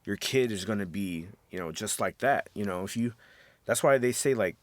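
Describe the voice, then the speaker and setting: A man's voice: lowish voice, normal speed, dry recording. A man co-hosting a casual podcast, retelling scenes with lots of swearing and acted-out quotes. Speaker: podcast co-host. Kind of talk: casual chat.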